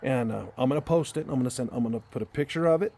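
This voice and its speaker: Talking rapid-fire in a dark, mid-range voice, a storyteller vlogger tells a personal story outdoors in a backyard at night. He's casual and heartfelt, rambling along and frequently restarting or repeating his words.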